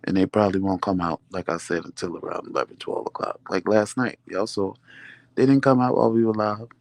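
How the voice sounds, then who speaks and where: Guy vlogging a story, gravelly voice, dry close sound, acts out all the quotes. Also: lowish voice, steady tone, brisk, no room sound. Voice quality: dramatic, chatty, acts out quotes. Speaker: vlog host. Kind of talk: casual storytelling to viewers.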